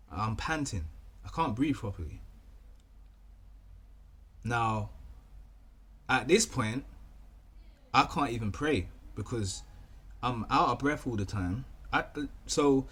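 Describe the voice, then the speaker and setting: A man's voice: mid-range voice, slightly rough. A young man telling a rambling, casual story, often repeating himself and saying "you know what I mean.". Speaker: vlogger.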